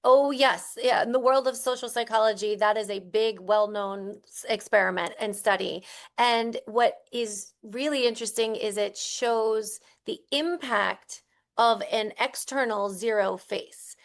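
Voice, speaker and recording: A woman's voice: fairly high pitch, measured pace. Woman co-hosting a thoughtful podcast. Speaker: podcast co-host. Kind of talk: conversational podcast discussion.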